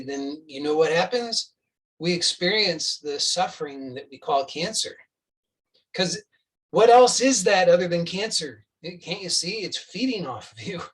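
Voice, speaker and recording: A man with a fairly high voice gives an insistent spiritual talk. He restarts phrases and plays out imagined back-and-forth with the listener, and his voice sounds a little distant from the microphone. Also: fairly bright tone. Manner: earnest, insistent, with many restarts and acted-out dialogue. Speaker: spiritual teacher.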